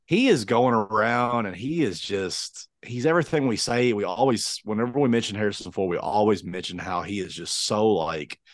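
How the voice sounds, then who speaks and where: A man's voice: on the low side, moderate pace, hardly any pauses, no room sound, studio quality. A man in his forties co-hosting a podcast in casual chat, rambling with many fillers and restarts. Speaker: podcast co-host.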